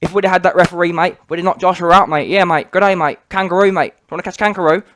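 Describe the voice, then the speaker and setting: A man's voice: high-pitched, fairly even intonation, fast, fairly bright tone, slight background noise. A man mimicking a boastful male boxer with a mock Australian accent, repeating the same catchphrases in a sing-song, mocking way.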